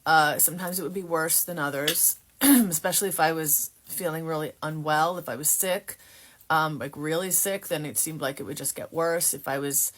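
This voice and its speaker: A woman sharing her personal Christian testimony in a halting way, with many fillers and restarts. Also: sits low, fairly bright tone.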